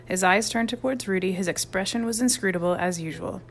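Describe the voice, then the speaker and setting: A woman narrating a children's chapter book in a lively, expressive reading. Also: medium pitch, brisk, slight background noise. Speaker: audiobook narrator. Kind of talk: storybook narration.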